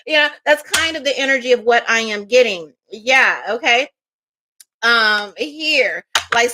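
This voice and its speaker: A woman with a bright, slightly high voice talks her way through a tarot reading. She rambles in a chatty, offhand way, full of fillers and little asides. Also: slight background noise. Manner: chatty, loose storytelling with many fillers and asides. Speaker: tarot reader. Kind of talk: casual tarot reading monologue.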